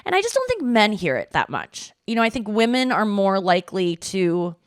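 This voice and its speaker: A woman's voice: mid-range voice, normal speed, clear, resonant tone, no room sound. Chatty woman host, dry close sound. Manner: animated storytelling with mimicked voices; frequent filler words. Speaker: podcast host. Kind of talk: casual chat.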